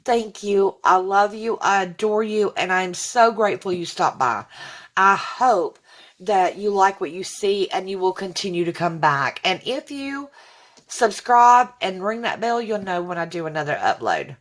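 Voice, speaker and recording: A woman's voice: medium pitch, lively intonation, measured pace. A woman, gushing as she unboxes gifts in a casual vlog. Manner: gushing and effusive, says y'all. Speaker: vlogger.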